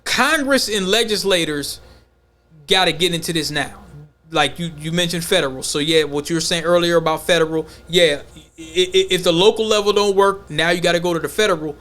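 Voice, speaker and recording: A man hosting a podcast, talking in a loose, slangy, animated way in casual chat. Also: on the high side, a little fast. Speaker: podcast host.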